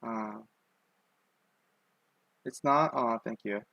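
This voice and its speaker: A man's voice: mid-range voice, very slow, vocal fry, dry recording, lo-fi sound. A young man with a lisp, chatting casually and rambling self-consciously on a live stream, with many ums and likes. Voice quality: lisp on his S sounds.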